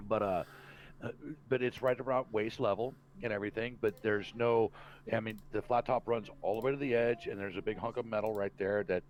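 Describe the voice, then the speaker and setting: A man's voice: fairly low pitch, a little hiss or hum, low-quality recording. A man who works as a chef, chatting casually on a podcast in a laid-back way, swearing and laughing often.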